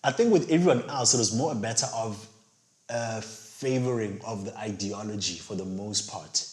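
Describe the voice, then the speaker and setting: A man's voice: on the low side, normal speed, darkish tone. A man co-hosting a casual film review chat, telling stories animatedly and acting out his own reactions with big jumps in voice. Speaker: podcast co-host. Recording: roomy echo.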